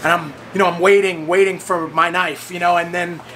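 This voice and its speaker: A high, bright man's voice, animated and storytelling, acting out the quoted voices with big leaps in pitch. He speaks casually as a host, over a faint hiss of background noise. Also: fairly quick. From United States. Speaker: host of the fitness training program.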